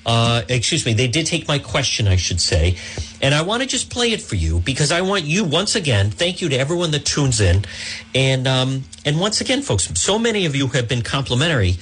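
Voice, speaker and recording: A man's voice: mid-range voice, very animated, a little fast, fairly bright tone. A middle-aged man hosting a radio talk show, rambling casually with many fillers and repeated phrases. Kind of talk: casual talk radio monologue with live reads. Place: radio studio.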